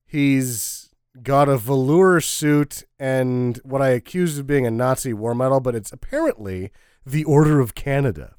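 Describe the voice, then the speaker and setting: A man's voice: mid-range voice, a little slow, a little mellow, smooth, no echo. A man co-hosting a casual film podcast who recaps the plot with dry, wry jokes. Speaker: podcast co-host. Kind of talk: casual movie-review chat.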